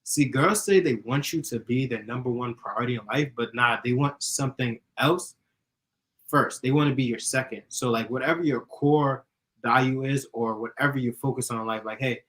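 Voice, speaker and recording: A young man chatting casually, giving dating advice, who talks fast and giggles and laughs often. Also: medium pitch, a bit bright, poor audio. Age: young adult. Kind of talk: casual chat.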